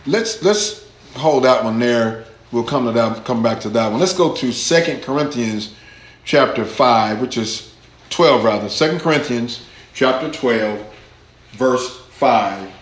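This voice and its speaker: A man preaching a sermon as pastor, slow and deliberate, rising with emphasis as he reads scripture aloud to his congregation. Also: mid-range voice. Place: church hall. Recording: echoey church room.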